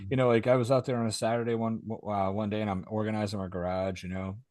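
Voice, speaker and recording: A man's voice: lowish voice, fast, no echo, clean studio sound. A middle-aged man telling casual stories on a podcast, swearing freely. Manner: swears a lot, animated anecdotes. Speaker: podcast host. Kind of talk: casual storytelling.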